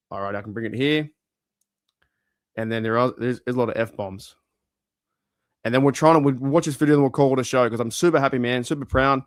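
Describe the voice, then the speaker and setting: A man from Australia hosting a fan live stream, talking in a chatty, excitable way and swearing now and then. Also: medium pitch, no room sound, clean studio sound. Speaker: fan channel host. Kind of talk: casual live-stream chat.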